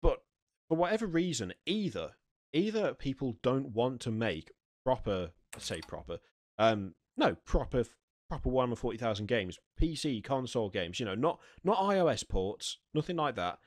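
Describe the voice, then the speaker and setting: A man's voice: mid-range voice, very animated, moderate pace, no echo. A man hosting a podcast, reading gaming news aloud and swearing freely between asides. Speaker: podcast host. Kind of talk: casual news chat. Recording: dry close mic.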